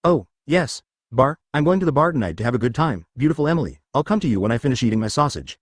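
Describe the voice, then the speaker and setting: A man's voice: mid-range voice, very animated, fast talker, dry recording, studio quality. A man reading the lines of a brash, boastful newcomer who tells crude jokes in a group chat.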